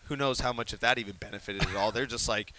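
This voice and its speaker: A man recounting a story in a casual interview, his voice bright and forward. He is animated and laughs often, dropping into hushed whispers when he acts out what he said. A faint hiss sits under the recording. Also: lowish voice, fast.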